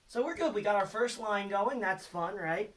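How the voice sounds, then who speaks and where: This teacher has a high-pitched, fairly bright voice and talks at a normal speed. In a recorded lesson for kids, he gently encourages them and tests them using letter clues, his voice a bit distant from the microphone.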